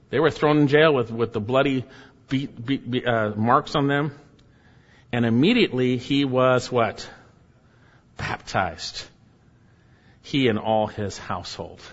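A man's voice: medium pitch, a bit bright. A man preaching an expository sermon as pastor. He exclaims, repeats lines for emphasis and asks rhetorical questions. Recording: muffled sound with long hall reverb.

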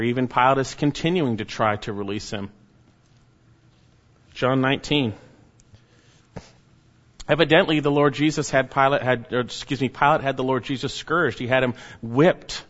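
A male preacher delivering a sermon slowly and with emphasis, his voice falling quiet at the ends of phrases. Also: medium pitch. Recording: dull lo-fi recording with long hall reverb.

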